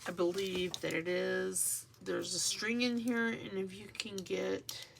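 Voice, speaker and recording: A woman's voice: medium pitch, little pitch movement, unhurried, gravelly. A woman chatting casually while she makes a junk journal, rambling and talking to herself as she works. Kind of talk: casual crafting tutorial chat. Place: home craft room. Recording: noisy home recording. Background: dog and paper rustling.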